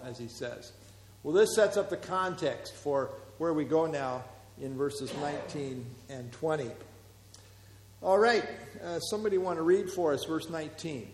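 A man leads a Bible class, walking through the text and quizzing his listeners, his talk full of small fillers. His voice sits a little high for a man. The sound is roomy, with a long reverb trailing off each phrase. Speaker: Bible study teacher.

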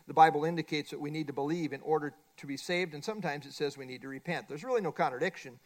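A middle-aged man leads a Bible study lesson, walking his class through a workbook page by page. His voice sits a little high for a man, and he presses hard on his main points, saying them again and again. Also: fast talker. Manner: emphatic, repeats key points. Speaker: Bible teacher.

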